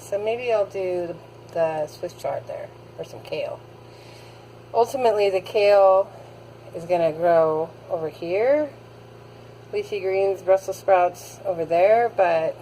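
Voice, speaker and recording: A woman's voice: on the low side, dark tone, a little hiss or hum, low-quality recording. A woman chatting casually as she vlogs her garden work, thinking aloud with fillers, recorded outdoors. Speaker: vlogger. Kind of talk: casual garden vlog narration.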